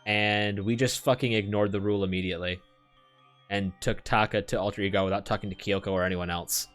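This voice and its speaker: A man's voice: fairly low pitch, fairly even intonation, brisk, fairly bright tone, faint music behind. A man streaming, reading a visual novel aloud with sarcastic, swearing asides.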